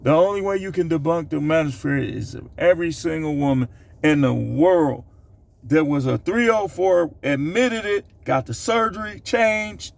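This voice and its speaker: A man hosting his own channel counts down a numbered list while recording himself on camera. His voice is fairly high, a little mellow, with vocal fry. His delivery is loose and rambling, full of fillers and asides.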